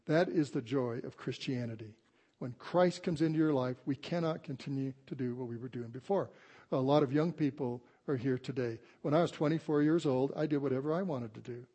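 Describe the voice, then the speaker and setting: An older man, a grandfather, preaching a conversational sermon to a congregation and slowing down to stress scripture. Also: mid-range voice, mellow, husky. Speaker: pastor. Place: church sanctuary before a congregation.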